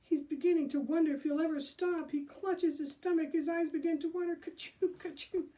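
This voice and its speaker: Woman voicing an excitable scheming young boy. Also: very high voice, brisk, recorded from a distance, pitched above the performer's own voice. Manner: animated, acts out sneezes.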